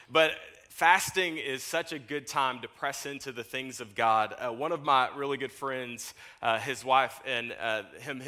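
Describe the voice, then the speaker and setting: Bright-voiced young pastor preaching. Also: male voice, mid-range voice. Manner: animated storytelling, laughs at own jokes. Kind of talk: sermon. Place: church sanctuary.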